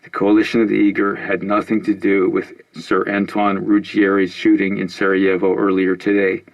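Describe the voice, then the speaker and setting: A man reading out a female news anchor's broadcast of a militant group's statement, in a loud, formal, declaiming manner. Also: low voice, completely flat delivery, normal speed, vocal fry, dull audio. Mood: stern, formal.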